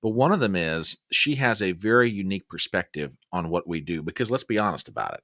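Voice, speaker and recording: A man hosting a live-streamed talk show, speaking in a measured, folksy way with set phrases. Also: sits low, very animated, fairly bright tone, no room sound, clean studio sound. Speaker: host. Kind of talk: casual chat on a live stream.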